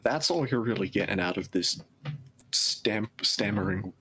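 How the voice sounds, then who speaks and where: A man narrating and refereeing a tabletop role-playing game, talking in a relaxed, halting way and laughing often. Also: lowish voice, slight background noise. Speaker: storyteller.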